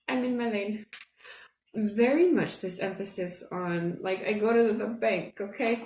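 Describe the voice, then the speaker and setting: A woman's voice: mid-range voice, takes it slowly, darkish tone. Woman, casual vlog, giggly, chatty, says "okay?" a lot, distant from mic, roomy echo. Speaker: astrology forecaster. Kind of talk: casual spiritual forecast vlog. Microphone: headphones. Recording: roomy echo, a bit off-mic, faint room hum.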